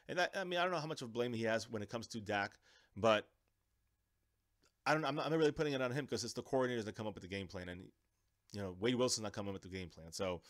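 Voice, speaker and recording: A man hosting a live fan stream, ranting about his football team in a casual, animated way, with many restarts. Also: fairly low pitch, dry recording, clean studio sound. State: under the weather. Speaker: fan show host. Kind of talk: live-stream sports rant.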